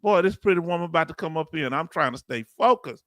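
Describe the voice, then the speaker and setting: A man's voice: fairly high pitch, animated, quick pace, a bit bright, no room sound, clean studio sound. A middle-aged man, hosting a casual stream, joking and calling his viewers family. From United States. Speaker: YouTube host reacting to a hearing. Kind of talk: casual live-stream chat reading comments.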